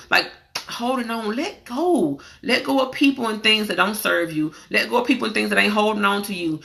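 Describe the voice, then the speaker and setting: A woman's voice: mid-range voice, vocal fry, sharp tone. A woman giving a candid, preachy inspirational talk as host, drawling and repeating herself.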